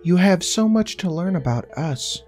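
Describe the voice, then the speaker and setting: A man's voice: sits high, animated, normal speed, a little mellow, soft background music, voice pushed up. A man voicing an eerie woman who talks in a childlike voice, mocking and menacing.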